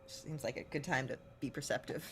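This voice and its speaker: A woman playing a tabletop game, talking in an excitable, animated way. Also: very deep voice, fairly quick, music in the background. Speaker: player.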